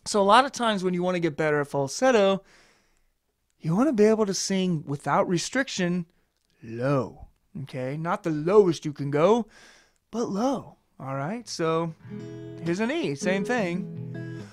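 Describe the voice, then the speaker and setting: A man's voice: high voice, animated, normal speed, dry recording, clean studio sound, faint music behind. A man giving a casual singing lesson as a vocal coach. He talks loosely and chattily, with many ums and restarts, and his voice sounds a little tired.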